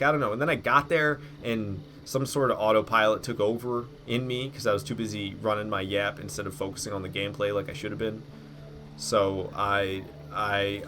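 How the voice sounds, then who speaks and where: A man's voice: mid-range voice, sharp tone. A man giving rambling live commentary as he plays a game, talking to himself and cursing at his own mistakes. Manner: rambling, self-critical, swears when frustrated. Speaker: gameplay streamer.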